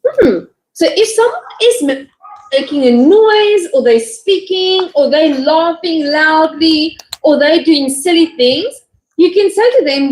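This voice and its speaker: Woman, English teacher, high voice, encouraging, acts out sample lines. Online lesson. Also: expressive, unhurried, low-quality recording. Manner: encouraging, acts out little dialogues with pitch swings.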